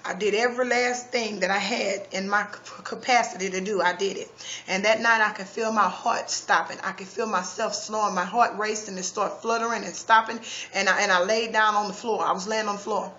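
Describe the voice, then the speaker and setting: Forceful earnest woman giving her testimony. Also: medium pitch, fairly even intonation, brisk, muffled recording. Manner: earnest and emphatic, with frequent restarts. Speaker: person giving a religious testimony. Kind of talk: personal testimony to camera.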